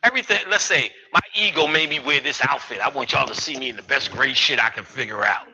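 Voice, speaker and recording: Man in his fifties, live lecture, crude jokes with the audience, very bright, forceful voice. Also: mid-range voice, quick pace, husky, rough recording. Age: 50s. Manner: profane, joking, riffing with the audience. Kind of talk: live comedic spiritual lecture.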